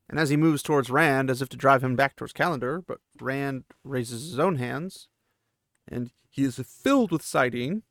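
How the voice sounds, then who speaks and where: A man's voice: mid-range voice, normal speed, dry recording, clean studio sound. A man hosting a podcast, casually retelling a novel chapter in loose, chatty paraphrase with fillers. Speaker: podcast host.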